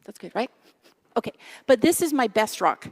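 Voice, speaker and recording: A woman in her fifties preaches in a church in a relaxed, chatty way. Her voice has a gravelly edge, and she keeps turning to the congregation with little questions. She pokes fun at herself as she talks. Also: fairly high pitch, normal speed. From Canada. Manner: chatty, self-deprecating, asks the audience questions. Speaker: guest speaker. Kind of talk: conversational sermon. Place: church sanctuary.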